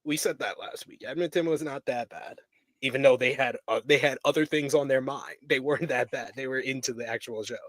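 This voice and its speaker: A man's voice: medium pitch, a little fast, dry recording. A man co-hosting a wrestling review show in casual chat, reading out viewer comments and donations and laughing often.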